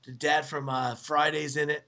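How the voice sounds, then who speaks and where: A man's voice: a little high, level tone, moderate pace, gravelly, pushed and bright. A man chatting as a podcast guest, telling long stories with lots of swearing. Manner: profane, rambling storyteller. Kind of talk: casual chat.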